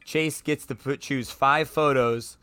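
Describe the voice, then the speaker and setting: A man's voice: mid-range voice, steady tone, slow pace, bright, forceful tone, dry recording. A man co-hosting a podcast in casual, rambling chat, joking and swearing. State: voice recovering after loss. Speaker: podcast co-host.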